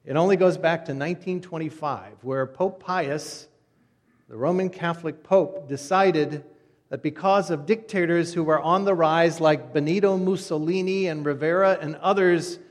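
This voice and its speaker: Man, pastor, sermon, slightly high voice, long church reverb. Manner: conversational storytelling, voice drops soft at phrase ends. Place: church sanctuary.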